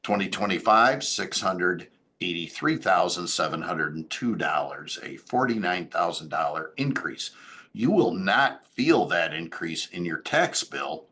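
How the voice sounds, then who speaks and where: A man giving a local government update as town supervisor, talking in a halting way with many fillers and self-corrections. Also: low voice, animated, a bit bright, slightly rough.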